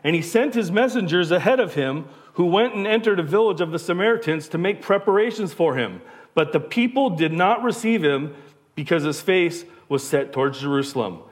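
High-voiced man preaching conversationally. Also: animated, a little fast. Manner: conversational preaching with rhetorical questions. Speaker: pastor. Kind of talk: sermon.

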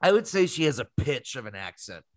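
A man's voice: medium pitch, big pitch swings, fairly quick, no room sound. A man co-hosting a podcast, telling stories in a giggly casual way with lots of laughing. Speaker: podcast co-host. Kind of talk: casual chat.

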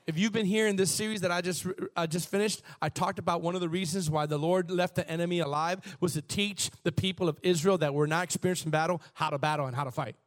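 A man's voice: sits high, fairly even intonation, fast talker, few pauses. A man preaching a sermon, reading scripture aloud and calling on the congregation to respond, with bursts of emphasis. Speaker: pastor.

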